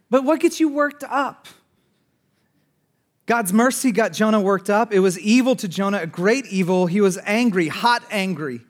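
Male pastor, higher voice, sermon delivery with big swings from urgent to hushed. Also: measured pace, pauses often. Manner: swings between urgent raised passages and hushed, quiet asides; conversational, with fillers and restarts.

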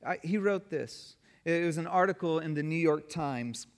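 A man's voice: a little high, moderate pace. A man preaching a sermon as pastor, with emphatic delivery that rises and falls in force. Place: church sanctuary. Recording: long reverb of a church hall.

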